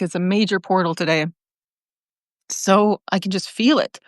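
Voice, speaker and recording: A woman's voice: on the low side, slow, long pauses, no room sound, clean studio sound. A woman hosting a casual livestream from her phone outdoors in a neighborhood, chatting and laughing often as she greets viewers. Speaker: livestream host.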